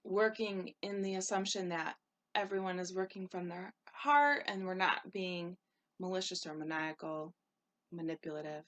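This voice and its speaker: A woman coaching her listeners on relationships, talking in an animated way and acting out short quoted exchanges. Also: on the low side, moderate pace, lo-fi sound. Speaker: holistic life coach. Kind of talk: spoken advice talk.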